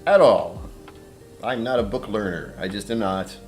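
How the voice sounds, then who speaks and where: A man's voice: fairly low pitch, normal speed, darkish tone, soft background music. A man hosting a casual whiskey-tasting livestream from his apartment, rambling, talking to himself and chuckling often.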